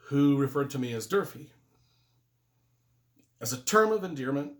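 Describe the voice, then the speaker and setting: A man's voice: mid-range voice, expressive, normal speed, pauses often, a bit bright. Man, earnest book reviewer, casual and emotional, voice rises and falls a lot; rambles and restarts. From United States.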